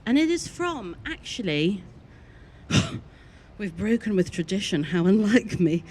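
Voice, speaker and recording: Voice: medium pitch, lively intonation, measured pace, darkish tone, slight background noise. A wedding master of ceremonies announcing the next speech in a theatrical, self-mocking way.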